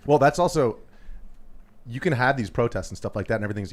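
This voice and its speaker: A man on a podcast panel, talking in a measured, explanatory way in casual chat. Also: medium pitch, animated.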